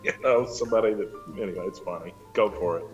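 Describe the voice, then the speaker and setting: A man's voice: fairly low pitch, fast, darkish tone, recorded from a distance, lo-fi sound, faint music behind. A man co-hosting a live stream, giving dry, matter-of-fact election updates. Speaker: co-host.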